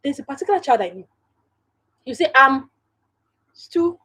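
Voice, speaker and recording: A woman's voice: high voice, lively intonation, moderate pace, sharp tone, poor audio. Chatty Nigerian woman on a live stream. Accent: Nigerian English. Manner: chatty, laughs often, speaks directly to viewers. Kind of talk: casual live-stream chat with viewers. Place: at home.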